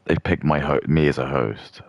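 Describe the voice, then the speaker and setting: A man's voice: extremely low pitch, moderate pace, vocal fry, no echo, highs cut off. A man ranting in a crude, rambling way as a streamer doing mock commentary. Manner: rambling, crude, with many restarts and fillers.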